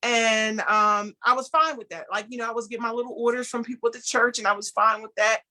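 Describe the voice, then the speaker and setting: Appearing as a guest on an interview show, a woman who designs clothing tells her story in a fairly high voice at a quick pace. She is animated and acts out the voices and dialogue of the people involved, while calling herself an introvert.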